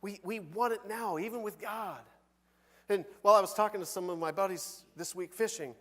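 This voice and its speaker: A man preaching a sermon from the pulpit, conversational and animated, with big swings between loud and soft. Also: high voice, brisk, in a large hall. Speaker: pastor. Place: church sanctuary.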